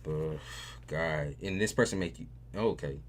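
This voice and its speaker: A man's voice: rumbling low, unhurried, slight background noise. A man giving a tarot reading on a livestream, talking casually and profanely, often repeating phrases for emphasis. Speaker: tarot reader.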